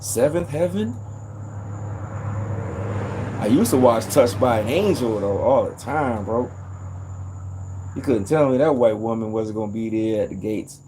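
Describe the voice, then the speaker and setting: A man in a casual, rambling monologue, animated and profane, jumping into sudden high outbursts. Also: a little slow, pauses often, slight background noise. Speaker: vlogger.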